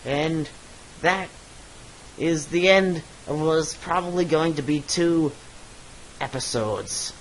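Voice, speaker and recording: A man's voice: a little high, slow pace, long pauses, slight background noise, low-quality recording. A young man hosting a let's play, reading game dialogue aloud in goofy voices with playful, jokey asides. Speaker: gameplay channel host. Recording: game music playing behind.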